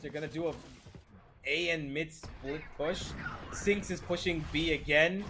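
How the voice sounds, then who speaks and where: A young man casting a live esports match, excitable and jokey, with bursts of disbelief. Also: a little high, a little slow, background noise. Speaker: esports caster.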